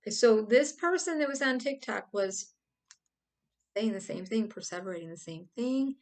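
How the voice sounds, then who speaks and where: A woman's voice: fairly high pitch, expressive, normal speed, a little mellow. A woman hosting her own video, talking through a topic in a loose, rambling way and acting out silly examples. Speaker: video host. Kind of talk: casual explainer monologue.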